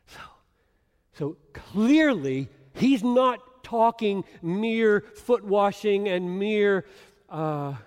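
A man preaching in a large hall, his voice ringing with long reverb. He speaks slowly and deliberately, with a high, very lively pitch. He drops to hushed whispers and then rises to loud, emphatic bursts. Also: clear, resonant tone. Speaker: pastor. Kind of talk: expository sermon.

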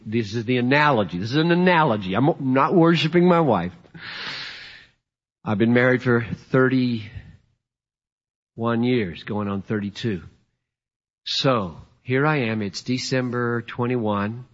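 A middle-aged man preaching a sermon in an emphatic storytelling way, swinging from loud to hushed. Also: mid-range voice. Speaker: pastor. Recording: dull lo-fi sermon recording.

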